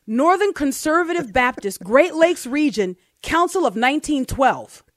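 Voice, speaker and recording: A downcast man on a bridge answers in brief, plain replies, read aloud by a woman. Her voice keeps lively pitch movement even in these short answers. The recording is dry and close. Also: measured pace, no echo. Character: despairing man standing on a bridge.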